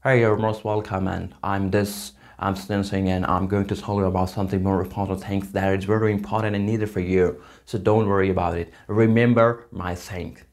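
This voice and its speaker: A man imitating an American speaker introducing himself, in a slowed, deliberate delivery. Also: sits low, flat delivery, a little mellow. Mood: demonstrative.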